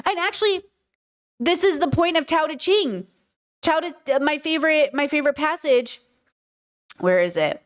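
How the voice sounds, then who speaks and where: A woman's voice: high-pitched, lively intonation, normal speed. A woman hosting a live stream, speaking earnestly and with passion to her chat. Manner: earnest, impassioned, lecturing. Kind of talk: livestream commentary to chat.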